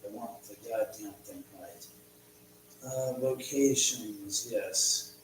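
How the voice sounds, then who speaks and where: A man's voice: lowish voice, slow, a little hiss or hum. Rambling, swearing man in a very echoey room. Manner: rambling, swears a lot, mutters to himself. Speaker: livestream host. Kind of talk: casual live-stream chat. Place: at home.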